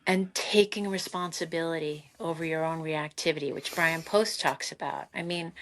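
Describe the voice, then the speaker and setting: A middle-aged woman, a psychotherapist guest on a podcast, giving animated parenting advice with lively asides and laughter. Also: deep voice, normal speed, few pauses. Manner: animated, expressive, laughs often, acts out quotes.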